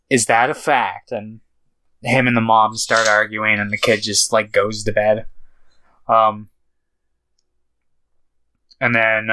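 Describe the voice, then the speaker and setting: A young man retells a film plot in a loose, casual podcast chat, dropping swears and quoting the characters as he goes. His voice is bright and forward, with a smooth, clean tone. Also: lowish voice, poor audio. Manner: loose, profane retelling with quoted lines. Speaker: podcast co-host. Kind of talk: casual movie recap.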